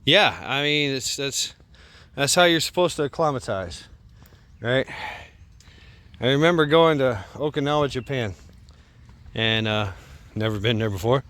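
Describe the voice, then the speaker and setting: Walking by a creek with his phone in hand, a vlogger talks in a medium-pitched, fairly bright and expressive voice at a measured pace, pausing often. He sounds breathless but relaxed, rambling along and chuckling at himself as he chats.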